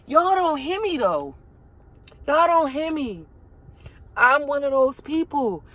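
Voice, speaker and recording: Earnest woman in her late twenties, slightly high voice. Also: very animated, takes it slowly, a bit bright, no echo. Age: late 20s. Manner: earnest, preachy, repeats phrases for emphasis. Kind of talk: emotional motivational monologue.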